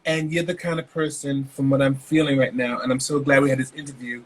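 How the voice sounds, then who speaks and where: A man's voice: mid-range voice, little pitch movement, fast talker, poor audio. A man co-hosting an interview show, asking questions in an upbeat, playful way. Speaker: podcast co-host. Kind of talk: casual interview chat.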